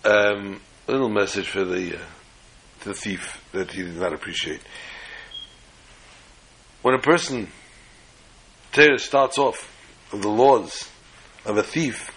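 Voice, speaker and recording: A man's voice: lowish voice, slow pace, vocal fry, long pauses, fairly bright tone, rough recording. A man giving a Torah class lecture, explaining step by step and often restarting or rephrasing words mid-sentence. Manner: tells jokes as illustrations. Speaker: Torah teacher.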